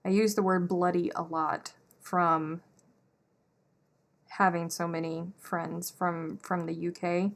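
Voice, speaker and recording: A woman's voice: fairly low pitch, flat delivery, takes it slowly. A woman, chatting casually on a crochet live stream and laughing often. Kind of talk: casual chat while crocheting.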